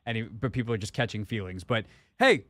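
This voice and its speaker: A man hosting a sports radio show, talking in a relaxed, jokey way into a studio microphone. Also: on the low side, fairly quick, dry recording. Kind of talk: casual radio talk.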